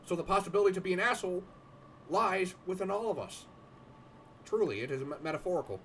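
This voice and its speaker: An excitable young man narrates a game with jokes and casual swearing. His voice is bright and his pitch jumps around animatedly. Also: fast talker, a little hiss or hum. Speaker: gaming host. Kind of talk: let's-play commentary.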